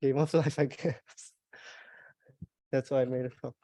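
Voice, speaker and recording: A man's voice: mid-range voice, flat delivery, measured pace, warm tone, no room sound. Young man giving a dry-sounding meetup talk. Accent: Australian. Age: young adult. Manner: hesitant, plain-spoken with restarts and fillers. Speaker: conference speaker.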